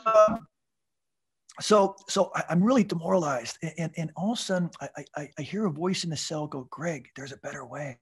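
A husky-voiced man in his fifties tells his story as a podcast guest. He sits a little high in pitch and speaks in an animated, tumbling way, stammering over repeated words and breaking into laughs. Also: brisk, faint music behind. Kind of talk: storytelling recovery testimony.

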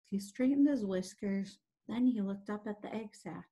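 A woman gently and expressively reading a children's book aloud as narrator. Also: medium pitch, moderate pace, breathy edge.

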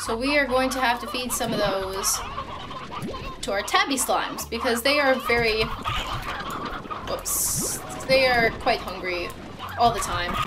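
A woman's voice: a little high, measured pace, long pauses, very noisy. Chatty young woman narrating a game. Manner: chatty, playful, self-mocking, talks to the game creatures. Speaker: gaming YouTuber. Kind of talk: casual let's-play commentary. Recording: game music playing behind the voice.

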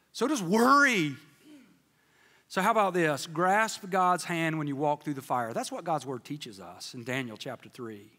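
A man preaching a sermon as pastor, telling stories in an animated, joking way with playful quoted voices, in a church sanctuary. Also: high voice, big-room sound.

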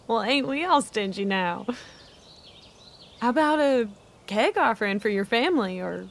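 A sarcastic young drifter. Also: female voice, fairly high pitch, expressive, unhurried, creaky, a little hiss or hum. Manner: teasing, sarcastic. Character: teasing young woman drifter, cheeky and sarcastic. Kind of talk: video game voice acting.

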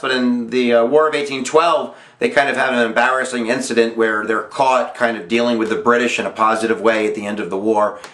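A man's voice: medium pitch, a bit bright. A male history teacher giving a casual, jokey exam-review lesson with emphatic points and self-mocking asides. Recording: echoey room.

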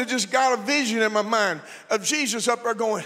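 A male pastor preaching a sermon, animated and comic, rising to shouts at his peaks. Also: high-pitched, a little fast. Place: church sanctuary. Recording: long reverb in a church.

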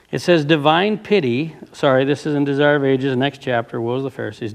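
A man's voice: mid-range voice, gravelly. A man preaching a sermon, reading passages aloud and stopping to ask his listeners fervent rhetorical questions. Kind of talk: sermon reading from a book with commentary.

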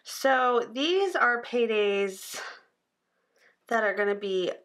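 A tired woman in her thirties chatting casually as she fills in a planner, rambling and dropping into soft asides under her breath. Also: a little high, expressive, slow pace. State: tired, yawning. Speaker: planner vlogger. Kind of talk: casual chat while planning.

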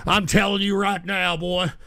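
A sick man hosting a livestream talk show, exasperated, swearing and shouting at trolls. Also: high voice, little pitch movement, normal speed, creaky, no room sound. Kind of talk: casual livestream rant.

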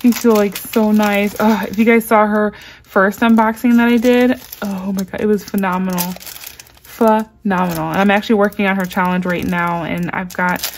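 A woman vlogger unboxing a package in casual chat, gushing with excitement and reading cards aloud slowly. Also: mid-range voice, a little hiss or hum.

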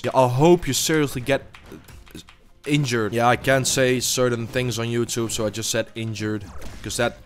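A young man reacting to a game as he plays it. His talk jumps from low muttering to loud, cursing taunts at his opponents. His voice sits at an everyday mid pitch. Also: moderate pace. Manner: excitable, swearing, trash-talking opponents; mutters to himself between loud outbursts. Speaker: gaming YouTuber. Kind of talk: live gameplay commentary.

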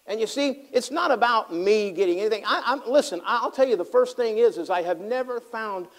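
High-voiced fervent preaching pastor. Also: male voice, a little fast. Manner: swings from loud fervent preaching to hushed tender asides; acts out voices of people he describes. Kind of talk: sermon.

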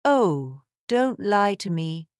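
A woman's voice: medium pitch, sing-song, slow pace, dry recording, studio quality. A woman reading the lines of a smug, scheming businessman who sounds sarcastic and dismissive. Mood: mocking.

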